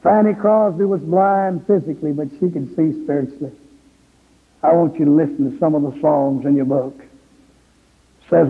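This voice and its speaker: Gravelly, pleading evangelist man preaching. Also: a little high, moderate pace. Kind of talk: revival sermon. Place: church revival service. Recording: tinny, echoey old sermon tape.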